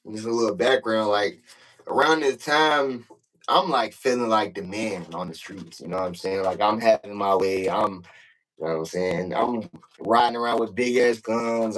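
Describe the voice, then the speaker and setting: A young man, a podcast guest, telling a story in casual chat, loose and profane, full of filler phrases, getting louder when he acts out confrontations. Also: poor audio. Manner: loose, profane, full of "like" and "you know what I'm saying"; gets loud and high when reenacting confrontations.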